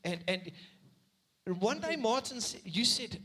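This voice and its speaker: A man's voice: very high voice, sing-song, measured pace, bright, forceful tone, slight background noise. A man, a pastor who interviews a church member by retelling her story back to her, with frequent restarts. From South Africa. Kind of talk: sermon interview. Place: church stage.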